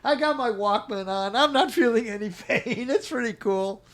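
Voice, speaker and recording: Middle-aged man, high voice, casual storytelling, animated, acts out quotes. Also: normal speed. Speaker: interview guest.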